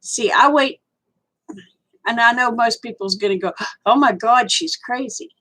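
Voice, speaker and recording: An older woman with a drawl chats late at night on her livestream, answering viewers' comments aloud. Her voice sits a little high and she sounds sleepy, yawning as she talks. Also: measured pace, a bit bright, low-quality recording. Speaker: livestream host. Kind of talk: casual livestream chat.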